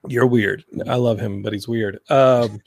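A man hosting a casual podcast chat, telling stories with energy and acting out what people said in a higher voice. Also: measured pace, no room sound. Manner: animated storytelling, acts out quotes in a higher voice. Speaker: podcast host. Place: Los Angeles.

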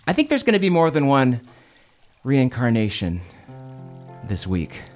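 An easygoing man at a tabletop game, describing his actions with loose hedges. His voice is mid-pitched, with faint music behind. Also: wildly swooping pitch, measured pace, darkish tone. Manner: easygoing, hedging with likes. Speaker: player.

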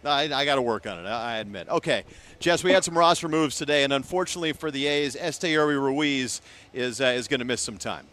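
A man's voice: mid-range voice, expressive, fairly quick, a bit bright. A man hosting a baseball pregame radio show, upbeat and conversational.

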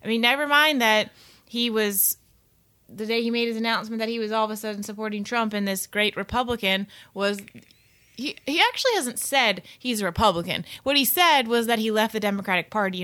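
Bright-voiced wry female co-host. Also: medium pitch, a little fast. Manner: wry, skeptical, with fillers like "I mean" and "like". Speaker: talk show co-host. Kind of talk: casual political chat.

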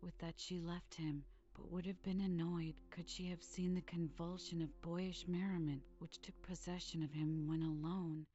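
A woman reading a storybook aloud in a soft, hushed way. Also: fairly low pitch, little pitch movement, normal speed, hardly any pauses, highs cut off. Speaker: audiobook reader. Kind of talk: storybook narration.

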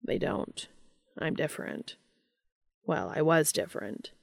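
A woman voicing a literal-minded male angel who talks in a flat, formal, deadpan way, in a fan fiction audiobook reading. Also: low voice, unhurried, creaky, no echo, studio quality, heavily acted.

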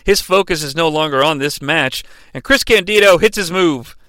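Bright-voiced man riffing comedically. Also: fairly high pitch, normal speed, no echo. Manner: rambling, self-deprecating, acts out quotes in voices. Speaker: podcast host. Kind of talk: comedic wrestling fantasy booking monologue.

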